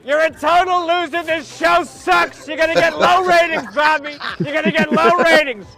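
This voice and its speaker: A man's voice: very high voice, normal speed, crowd noise. A man impersonating a brash, boastful older male politician on the street, hurling taunting, repetitive insults. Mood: mocking.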